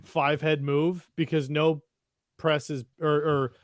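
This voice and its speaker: A man's voice: on the high side, little pitch movement, slow pace, no echo, studio quality. A man co-hosting a casual podcast chat, talking over the others and swearing freely. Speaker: podcast co-host.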